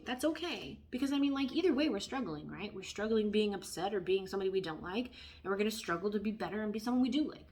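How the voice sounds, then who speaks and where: A woman giving a casual tarot reading, chatty and expressive, who often drops into hushed asides. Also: a little high. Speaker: tarot reader.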